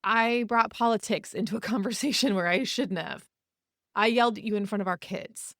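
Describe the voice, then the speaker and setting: A woman hosting a podcast, speaking frankly and casually, breaking into quick laughs and acting out sample apologies. Her voice sits at a middle pitch and is recorded close and dry, with almost no room sound. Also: dry recording. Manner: frank, laughs often, acts out example apologies. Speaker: podcast host. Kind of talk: casual advice monologue.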